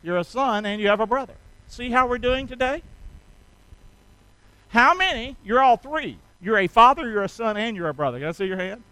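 Male pastor, high and bright, folksy call-and-response preaching, dry close sound. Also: normal speed, clean tone, no room sound, low-quality recording. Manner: folksy, playful, energetic, often drawing responses from the congregation.

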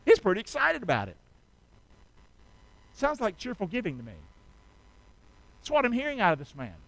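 Middle-aged male preacher, bright forceful tone, swings between soft asides and loud calls to the congregation. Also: high voice, huge pitch swings, moderate pace, vocal fry, low-quality recording. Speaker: pastor. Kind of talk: sermon.

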